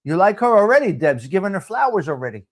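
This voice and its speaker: Man, live show host, brash, swearing, very lively pitch. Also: fast. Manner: brash, profane, repetitive. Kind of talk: live talk show monologue.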